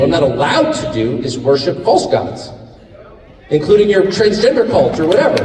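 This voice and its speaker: A middle-aged American man giving a live speech at an event, speaking in a sarcastic, mocking, animated way. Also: sits high, background noise. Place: large hall with live audience. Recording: echoey hall recorded from far off in audience.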